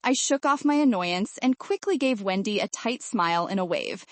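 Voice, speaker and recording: A woman narrating a first-person romance audiobook in an expressive, emotive way. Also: mid-range voice, normal speed, dry recording.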